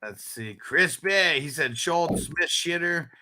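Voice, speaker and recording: A man with a very bright, forceful voice hosts a casual talk show. He reads viewer comments aloud and tells stories in a loose, laughing way. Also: on the high side, animated, slow, slight background noise. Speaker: podcast host. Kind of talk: casual chat reading live chat comments.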